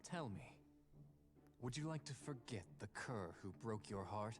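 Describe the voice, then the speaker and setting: A man's voice: mid-range voice, expressive, unhurried, natural voice. A man voicing a courtly ghost lord of an old mansion, speaking in a formal, old-fashioned, tender way. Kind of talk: visual novel voice acting. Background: music.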